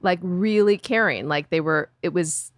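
A woman's voice: fairly low pitch, normal speed, no echo, studio quality. A woman guest on a casual book club podcast, speaking reflectively and hesitantly with many fillers.

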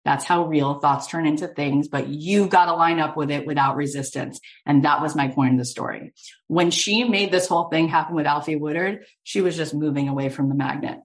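A woman host and coach telling an inspirational story in an animated way, acting out the quotes. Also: sits low, a little fast.

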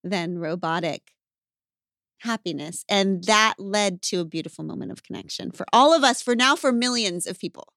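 A woman's voice: medium pitch, expressive, moderate pace, fairly bright tone, no room sound, clean studio sound. A woman podcast host who talks through ideas in a thoughtful, reflective way. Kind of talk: reflective conversation.

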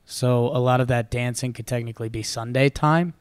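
A man's voice: mid-range voice, fairly even intonation, brisk, clear, resonant tone, no echo. A man co-hosting a podcast, chatting casually with dry, offbeat quips and some hesitation. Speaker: podcast co-host. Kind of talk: casual chat.

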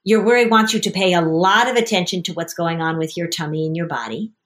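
Animated woman parenting coach. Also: lowish voice, fast talker. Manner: animated storytelling, acting out quoted voices. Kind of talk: coaching conversation.

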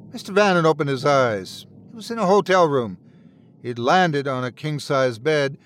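A man narrating a scripted horror story with a dramatic, expressive delivery. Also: fairly high pitch.

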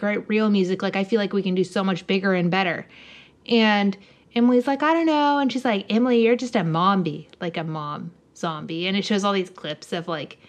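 A woman co-hosting a podcast in casual chat, animatedly retelling a show and acting out the characters' lines. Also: medium pitch. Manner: animated, acts out characters' lines in quick voices. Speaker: podcast co-host.

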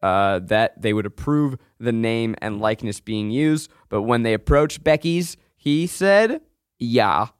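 A man's voice: medium pitch, animated, a little slow, few pauses, smooth, no room sound, studio quality. A man co-hosting a casual movie podcast, leading the talk and telling stories with emphasis. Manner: emphatic, storytelling, leads the segments. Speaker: podcast co-host.

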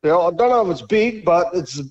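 A man's voice: high voice, animated, a little fast. Joking man on a dull phone line. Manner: joking, laid-back. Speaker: caller. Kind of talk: phone-in chat.

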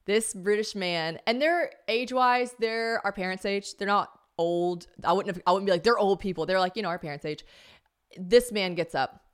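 A woman hosting a podcast, telling stories in a casual, animated and dramatic way. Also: mid-range voice, normal speed, clear, resonant tone. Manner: animated, dramatic retelling with quoted voices. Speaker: podcast host.

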